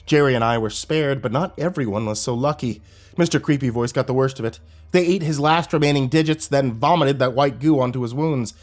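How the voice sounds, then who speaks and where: A man narrating a horror story in a steady storytelling delivery. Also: mid-range voice, fairly quick.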